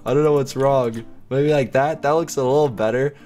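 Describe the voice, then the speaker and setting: A man talks through his game as he plays, chatty and easily amused, laughing at his own efforts. His pitch sits in an ordinary middle range. Faint music and keyboard typing run behind him. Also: steady tone, normal speed, a little mellow. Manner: giggly, self-mocking, chatty. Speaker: gaming YouTuber. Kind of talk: casual gameplay commentary.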